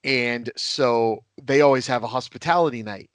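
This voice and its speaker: A man's voice: mid-range voice, moderate pace, no room sound. A man who is a podcast guest telling rambling, casual anecdotes and laughing at his own stories.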